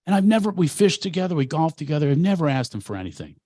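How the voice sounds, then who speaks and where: A comedian speaking to an audience of actors, telling stories in an animated way, often acting out what people said and laughing at himself. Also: male voice, a little high, very fast, dry recording, studio quality. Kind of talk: storytelling talk.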